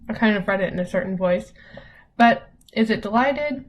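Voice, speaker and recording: A young woman teacher records an online lesson in a relaxed, chatty way. She works through examples step by step and fills the pauses with ums. A faint hiss runs under the recording. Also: mid-range voice, rough recording.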